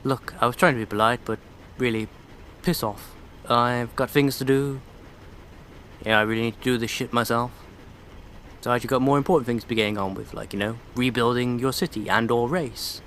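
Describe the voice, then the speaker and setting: A man talking over his own gameplay in a loose, casual way, full of sarcastic, mocking asides. His voice sits in an everyday middle pitch, with a faint hum of noise behind him. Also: fairly even intonation, moderate pace, fairly bright tone. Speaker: let's play commentator.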